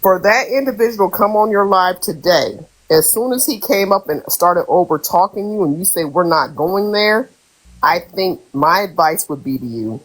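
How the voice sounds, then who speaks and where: A woman's voice: lowish voice, expressive, normal speed, poor audio. A woman speaking emphatically and motherly as a guest on a live stream. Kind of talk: casual live-stream chat.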